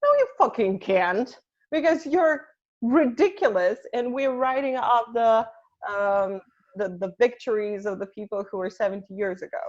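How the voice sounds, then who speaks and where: A woman's voice: fairly high pitch, normal speed, a little mellow, muffled recording. A woman from Russia with a Russian accent, a comedian talking bluntly in a casual interview, swearing freely and laughing between points. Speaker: comedian guest.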